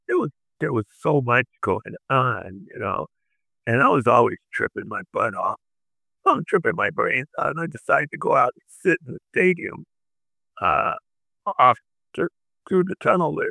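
An older man rambling through memories in a casual interview, halting with fillers. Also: mid-range voice, gravelly, sharp tone, no echo, poor audio. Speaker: interviewee recalling the past. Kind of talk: casual storytelling.

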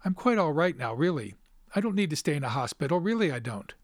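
A man reading aloud and voicing an anxious young woman who pleads, in a hurried and nervous way, to be allowed to go home. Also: on the high side, big pitch swings, no echo, clean studio sound. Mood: anxious pleading.

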